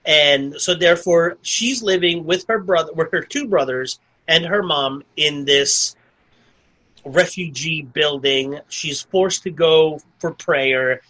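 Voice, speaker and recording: A man's voice: on the high side, slow, pushed and bright, rough recording. A man co-hosting a podcast, recapping a film in casual chat, rambling with lots of "like" and restarts. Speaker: podcast co-host. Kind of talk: casual movie review chat.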